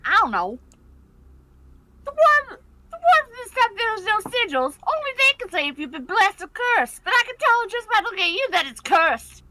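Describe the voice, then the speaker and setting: A woman's voice: very high-pitched, big pitch swings, normal speed, bright, forceful tone, a little hiss or hum, heavily acted. A woman voicing a cheeky, curt street boy in a put-on New York accent, teasing and mocking. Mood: cocky teasing.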